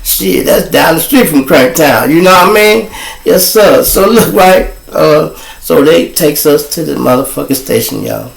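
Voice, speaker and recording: Chicago man hosting a livestream, gravelly voice, profane animated storyteller, echoey room. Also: on the high side, measured pace. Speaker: livestream show host. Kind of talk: casual storytelling to viewers.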